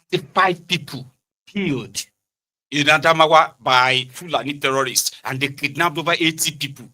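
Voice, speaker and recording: A Nigerian man with a Yoruba-inflected accent giving animated political commentary, switching between Pidgin, Yoruba and English and mimicking people mockingly. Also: a little high, moderate pace.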